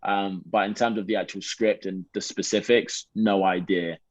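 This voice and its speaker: An English actor speaking in a put-on American accent, answering interview questions in a relaxed, rambling way with lots of fillers. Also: male voice, low voice, moderate pace, no room sound, rough recording. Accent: American (put on, Detroit-leaning). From England.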